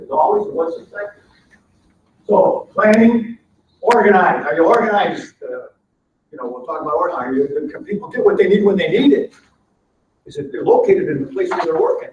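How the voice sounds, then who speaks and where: A man's voice: high voice, big pitch swings, a little fast, a little hiss or hum. A man giving a seminar lecture on management, punchy and emphatic, often asking the room questions. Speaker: management trainer. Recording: roomy, distant, dull lo-fi sound.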